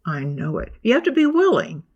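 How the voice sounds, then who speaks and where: A woman co-hosting a faith podcast, telling a personal story in an animated way and acting out what people said. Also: medium pitch, fairly quick, muffled recording. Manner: animated storytelling, acts out quotes. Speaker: podcast co-host. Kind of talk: casual devotional discussion.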